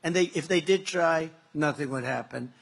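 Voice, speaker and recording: A man's voice: a little high, moderate pace, gravelly, husky. A man speaking as a political candidate in a campaign rally speech, rambling and repetitive with emphatic stresses.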